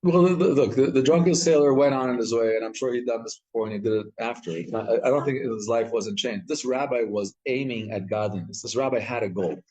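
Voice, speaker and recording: A man teaching a Torah class, telling stories with lively acted-out quotes and frequent restarts. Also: mid-range voice, quick pace, few pauses, lo-fi sound. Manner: animated storytelling, acts out quotes, frequent restarts.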